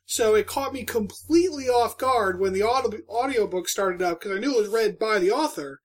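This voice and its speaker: A man's voice: high voice, fairly quick. A man co-hosting a book podcast, chatting casually with dry, teasing banter. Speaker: podcast co-host. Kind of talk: casual chat.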